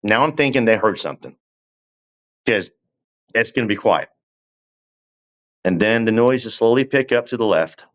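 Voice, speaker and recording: A man, a guest telling a long story in a relaxed, conversational way and often turning to the listener with asides. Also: on the low side, moderate pace, long pauses, muffled recording. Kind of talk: casual storytelling.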